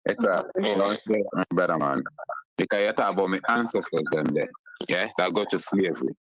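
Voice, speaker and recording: A man's voice: low-pitched, brisk, fairly bright tone, no echo. A man arguing in game voice chat, emphatic and repetitive in broken English. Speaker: voice chat player.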